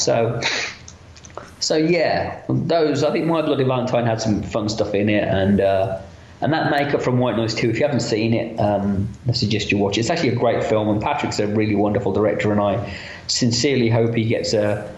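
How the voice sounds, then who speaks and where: A man who works as a special effects makeup artist, telling stories from film sets in a casual interview, chatty and animated, acting out what other people said. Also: lowish voice, fairly quick. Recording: roomy, dull lo-fi sound.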